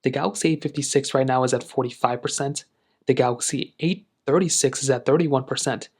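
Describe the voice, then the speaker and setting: A man narrating a casual tech review in a relaxed, rambling way, with lots of filler phrases. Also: mid-range voice, a little fast, slightly rough.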